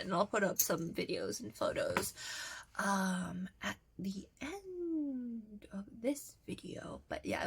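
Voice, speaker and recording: A woman's voice: mid-range voice, gravelly, fairly bright tone, breathy edge. A young woman telling a rambling, giggly story in a casual vlog, often restarting her sentences. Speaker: vlogger.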